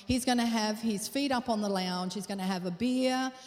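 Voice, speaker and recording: A woman's voice: on the high side, moderate pace, darkish tone. A woman preaching a sermon in an earnest, questioning way, repeating phrases for emphasis. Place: church hall. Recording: long hall reverb.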